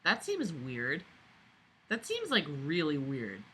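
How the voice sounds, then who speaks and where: A woman reading a book aloud and mocking it, swearing and breaking into loud sarcastic rants. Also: deep voice, huge pitch swings, takes it slowly, slightly rough. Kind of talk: sarcastic hate-read commentary.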